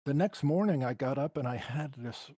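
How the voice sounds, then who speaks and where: A man's voice: mid-range voice, lively intonation, moderate pace, mellow, slightly rough, no echo. Reflective man guest, dry close sound. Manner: reflective, emotional storytelling. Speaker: guest musician. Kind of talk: storytelling interview.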